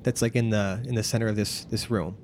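A man's voice: on the low side, fairly even intonation, brisk, a little mellow, slight background noise. A man narrating as game master, rambling with many fillers.

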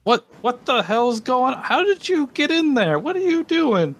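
A man voicing an angry, suspicious riverboat captain who shouts questions in disbelief. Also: very high-pitched, big pitch swings, moderate pace, slight background noise, pitched above the performer's own voice, heavily acted. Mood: angry, demanding.

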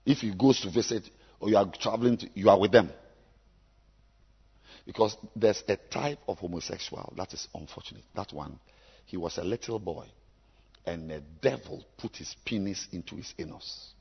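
A man preaching a sermon to his congregation, emphatic and repetitive, with sudden loud bursts. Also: low-pitched, moderate pace, gravelly, slightly rough. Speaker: pastor. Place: church. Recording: echoey church hall, dull lo-fi sound.

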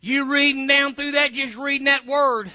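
A man preaching a sermon as pastor, emphatic and fervent, breaking into sudden loud bursts. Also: extremely high pitch, fairly even intonation, moderate pace, highs cut off.

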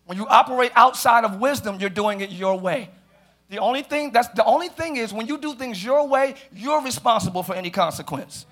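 A pastor preaching a sermon to his congregation, calling out questions to the crowd and building from calm teaching to shouted, half-sung passages. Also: very high-pitched, fairly quick. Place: large church.

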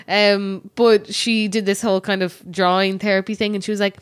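A woman's voice: mid-range voice, little pitch movement, a little fast, hardly any pauses. An Irish woman co-hosting a podcast, chatting candidly and telling a personal story, with casual swearing. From Ireland. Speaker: podcast co-host. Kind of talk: casual chat.

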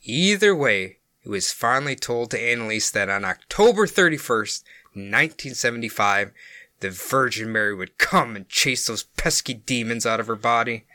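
A man's voice: mid-range voice, lively intonation, moderate pace, pushed and bright, dry recording. A man hosting a podcast, narrating a case in a casual, amused way. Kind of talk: storytelling narration.

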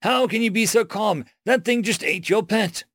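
A man voicing a nervous male alien ambassador who stammers in a high, agitated voice. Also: expressive, moderate pace, no room sound. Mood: panicked.

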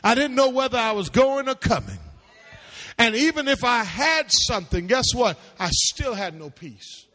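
Male pastor-teacher with a high voice, animated preaching cadence, in a reverberant hall. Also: moderate pace. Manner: animated, calls out to the audience, sing-song rises into shouts. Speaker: pastor teaching a seminary class. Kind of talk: preaching-style Bible teaching.

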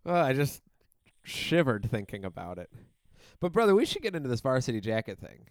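A man talking in casual podcast chat, animated, joking and profane. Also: medium pitch, a little fast, no room sound. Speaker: podcast co-host.

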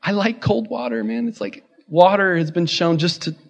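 High-voiced joking male preacher. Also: moderate pace, vocal fry. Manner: self-deprecating, joking, laughing often; rises to loud declarations. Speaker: guest preacher. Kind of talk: sermon.

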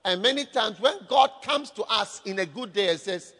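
A man's voice: high voice, expressive, moderate pace, bright, forceful tone, slightly rough. A man who is a pastor, preaching a sermon and calling on the congregation for responses. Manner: calls for audience response. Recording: echoey hall reverb.

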